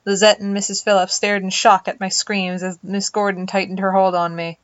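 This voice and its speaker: A woman's voice: medium pitch, level tone, brisk, hardly any pauses, smooth, dry recording, rough recording. A woman reading a visual novel aloud as host, casual and swearing freely in her asides. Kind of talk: reading game narration aloud with joking asides.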